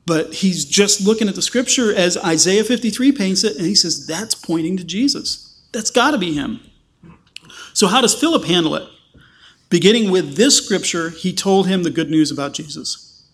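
A man with a high-pitched voice delivers a sermon as a pastor. He leans hard on key phrases with slow emphasis, then rushes through asides. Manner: animated preaching with emphatic slow stresses and quick asides.

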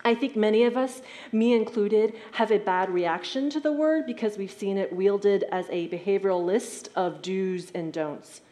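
A woman's voice: mid-range voice, normal speed, hardly any pauses, warm tone. A woman preacher giving a sermon in a conversational, explanatory manner.

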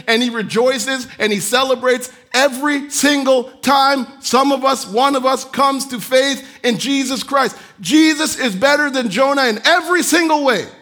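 A man preaching a sermon in a high voice, taking his time over each phrase. He acts out the voices he quotes and swings from loud emphasis to quiet, soft asides. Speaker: pastor.

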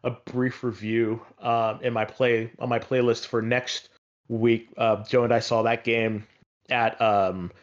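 A man's voice: mid-range voice, little pitch movement, unhurried, lo-fi sound. Rambling man chatting about games. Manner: rambling, with many fillers and restarts. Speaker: podcast co-host. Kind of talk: casual chat about video games.

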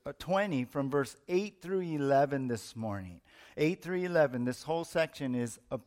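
Man preaching a teaching sermon. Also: on the high side. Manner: explanatory teaching, emphatic repetitions. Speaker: pastor.

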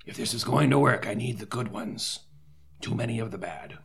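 Man, gravelly, husky, soft-spoken, earnest cleric in a tabletop game. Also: mid-range voice, moderate pace. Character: earnest male cleric recruiter. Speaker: player voicing a cleric. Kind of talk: tabletop role-play in character.

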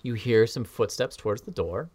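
A game master narrating a tabletop game in a playful, lively way. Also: mid-range voice, moderate pace, breathy edge.

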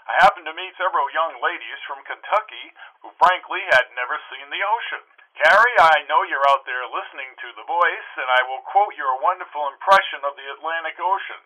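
A man voicing a smooth-talking 1950s radio host with folksy, chatty on-air patter. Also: a little high, fairly quick, bright, forceful tone, voice pushed up. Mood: genial. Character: male 1950s late-night radio host, smooth talker. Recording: tinny radio speaker sound.

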